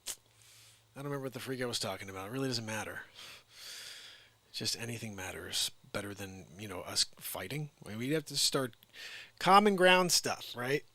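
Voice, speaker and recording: A man's voice: mid-range voice, lively intonation, moderate pace, pauses often, pushed and bright, dry recording. A man rambling in a jokey, drifting monologue as a vlogger.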